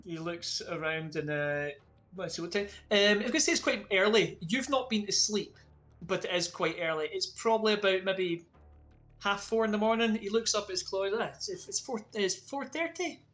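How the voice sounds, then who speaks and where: A man narrating a tabletop game as game master, relaxed and quick to laugh. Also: sits high, faint music behind.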